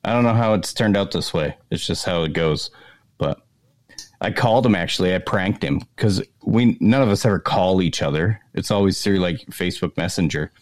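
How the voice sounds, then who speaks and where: Deep-voiced man from Maine telling stories. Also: moderate pace, no room sound, studio quality. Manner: animated storyteller, swears freely, laughs often. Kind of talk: casual storytelling chat.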